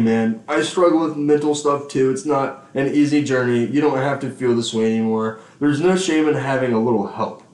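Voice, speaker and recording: A man co-hosting a podcast in casual chat, reading out text messages between bursts of laughter and frequent swearing. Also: mid-range voice. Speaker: podcast co-host. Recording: echoey room.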